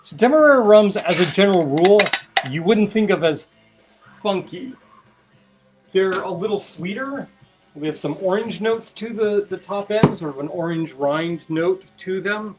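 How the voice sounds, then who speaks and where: A man's voice: high-pitched, lively intonation, moderate pace, over music. A man hosting a casual live stream, chatting and explaining while he mixes cocktails, with wry asides. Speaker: host mixing cocktails.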